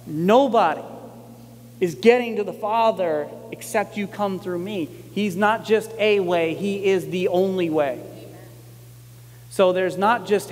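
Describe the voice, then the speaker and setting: A man's voice: sits high, unhurried. Male pastor, conversational sermon, emphatic repetition, recorded in a church with a long echo. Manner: conversational, animated when quoting, emphatic repetition.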